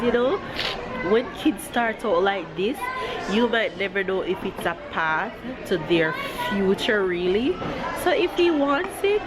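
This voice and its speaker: A woman in her thirties with a Jamaican accent, vlogging in a store, emotional and tearful as she talks. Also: fairly high pitch. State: teary, crying at times. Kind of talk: casual vlog talk to camera. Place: busy store, indoors.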